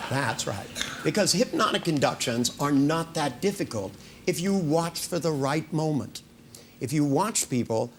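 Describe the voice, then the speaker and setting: A man hypnotizes volunteers in slow, soothing patter, with a gravelly edge to his voice. His pitch rises and falls widely as he coaxes them deeper, and he often repeats "that's right". He drops in playful jokes now and then. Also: a little hiss or hum. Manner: playful, joking with the audience. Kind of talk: live hypnosis demonstration with volunteers.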